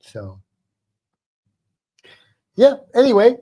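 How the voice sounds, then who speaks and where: A woman's voice: fairly high pitch, wildly swooping pitch, drawn-out words, mellow. A woman co-hosting a casual home livestream, chatty and teasing, greeting viewers by name from a home podcast studio. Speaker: co-host of a livestream about pets.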